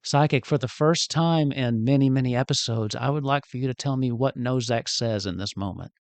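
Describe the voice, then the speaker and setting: A man narrating as game master of a tabletop game, measured and dramatic. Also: medium pitch, no room sound.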